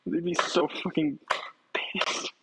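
A man's voice: a little high, normal speed, heavy background noise. A man chatting casually to his livestream chat while cooking in his home kitchen, swearing freely and poking fun at himself. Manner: chatty, swearing, self-mocking, talks to chat. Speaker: streamer.

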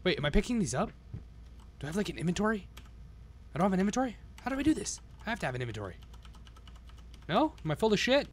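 A man's voice: sits high, sing-song, fast, long pauses, a little hiss or hum. A man streaming himself playing a game, swearing constantly and talking to himself as he goes. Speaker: live streamer. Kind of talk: live-stream gameplay commentary.

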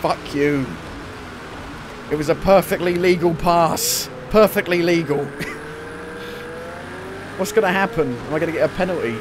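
A man doing gameplay commentary, excitable, swearing at the game and laughing at himself. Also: fairly high pitch, normal speed. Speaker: gaming video creator. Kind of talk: let's-play gameplay commentary. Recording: racing car engine noise behind. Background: car engines from the game.

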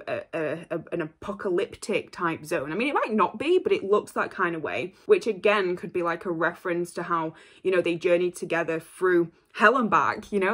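A woman hosting a reaction video, chatting casually and gushing with quick bursts of excitement and apologies. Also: medium pitch, husky.

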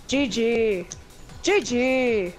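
A player tosses teasing jokes during a football video game, in a middle-pitched voice. Loud game music plays behind the voice. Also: drawn-out words. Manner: teasing, joking banter. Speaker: gaming opponent. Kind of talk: casual trash talk while gaming.

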